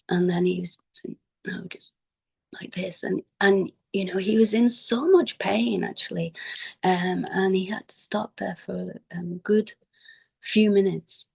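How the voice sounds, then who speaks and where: A woman remembers a teacher in an informal spoken homage, her mid-pitched voice carrying a steady gravelly fry. She talks haltingly, with plenty of fillers and restarts, and often sinks into a soft near whisper. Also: low-quality recording. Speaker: devotee giving a memorial homage.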